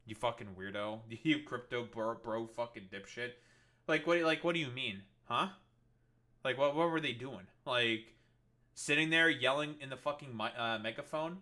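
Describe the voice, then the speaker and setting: A man's voice: medium pitch, normal speed, bright, forceful tone. A man giving sarcastic, swearing commentary while reacting to a news video, full of fillers and restarts. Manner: heavy swearing, sarcastic and scornful; filler-heavy, restarts often. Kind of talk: ranting stream commentary.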